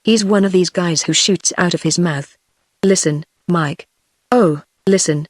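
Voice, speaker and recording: A man's voice: high voice, measured pace, no room sound. Sly male mob boss, synthetic read, dry studio sound. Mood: menacing. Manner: sly, taunting, then snarling. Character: smooth-talking male gang boss, mocking and menacing. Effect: text-to-speech.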